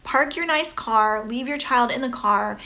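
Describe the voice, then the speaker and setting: A woman's voice: on the high side, unhurried, bright, forceful tone. A woman in her thirties giving a chatty, rambling reaction commentary as a vlogger, full of "you know" fillers. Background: background music.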